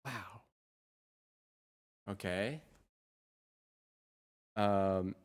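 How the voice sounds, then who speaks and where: A woman's voice: very deep voice, very slow, a little mellow. A woman streamer chatting casually with her viewers through a real-time AI voice changer, muttering to herself while she sets up her screens. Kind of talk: casual live-stream chat.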